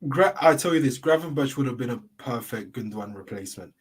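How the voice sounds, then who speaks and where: A man's voice: medium pitch, expressive, fast, husky. A man in a casual football chat, eager and emphatic, repeating his points. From half Dutch.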